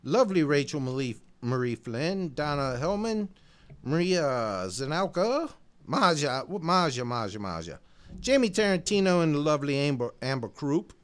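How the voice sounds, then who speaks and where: This is a man with a fairly high voice that swings up and down a lot as he reads out listener shout-outs. He hosts the podcast in a loose, casual way, rattling off one name after another and laughing easily. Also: sing-song, normal speed, clear, resonant tone. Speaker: podcast host.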